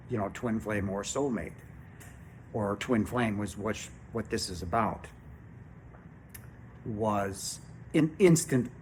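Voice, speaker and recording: An earnest man in his fifties talks through a casual spiritual monologue in a fairly low voice. He often pauses to check in with his listeners, and a faint background noise sits under the recording. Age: 50s. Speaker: spiritual channel host.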